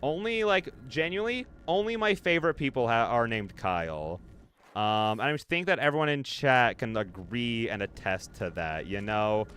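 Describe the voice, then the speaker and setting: Streaming a horror game live, this man rambles through filler-heavy chat, reading out viewer messages and replying to them. He speaks on the low side, very animated and a bit bright, at normal speed, with slight background noise.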